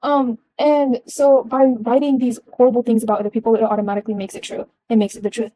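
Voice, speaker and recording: A woman's voice: fairly high pitch, flat delivery, quick pace, dark tone, dry recording, poor audio. A young adult woman giving a casual explanatory talk, earnest, with frequent ums and restarts.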